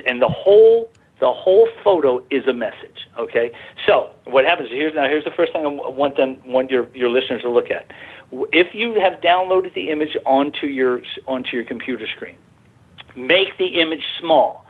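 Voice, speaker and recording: A man calls in to a radio talk show and tells his story in a rambling, halting way, restarting sentences and growing excited. His voice is husky and comes through a thin, tinny phone line. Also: medium pitch. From Arizona, USA. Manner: rambling, repeats words and restarts, grows excited. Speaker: radio guest.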